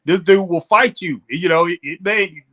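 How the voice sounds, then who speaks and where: A man hosting a wrestling chat show, reading out viewer comments in a laid-back way and laughing often. His voice is somewhat high for a man. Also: normal speed, sharp tone. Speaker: show host.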